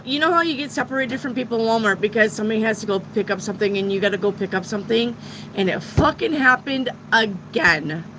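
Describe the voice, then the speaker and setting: A middle-aged woman with a bright, forceful voice pitched a little high, chatting casually and swearing freely as she rambles through a personal story. Her storytelling is blunt and unpolished. A soft hum of noise sits behind her. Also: rough recording. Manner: frank and profane, rambling retelling. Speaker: tarot reader.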